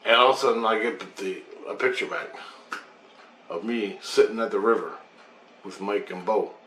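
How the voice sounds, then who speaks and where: A man's voice: fairly low pitch, normal speed, fairly bright tone. A man casually telling a personal story in a loose, rambling way, with swearing and asides. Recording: roomy echo, faint background hum.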